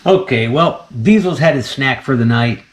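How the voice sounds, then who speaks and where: A man's voice: mid-range voice, expressive, normal speed, roomy sound. A man hosting a casual vlog while feeding a snake, chatty and laughing often as he talks to the animal. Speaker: snake keeper and channel host.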